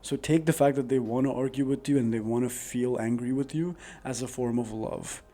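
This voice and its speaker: A man talks to his viewers about handling arguments. His tone is warm and relaxed, and he speaks in an earnest, rambling way with plenty of "like" fillers. It sounds like a casual advice vlog recorded on a microphone. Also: medium pitch, brisk. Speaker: advice vlogger. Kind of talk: casual advice monologue to camera. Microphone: new dedicated microphone.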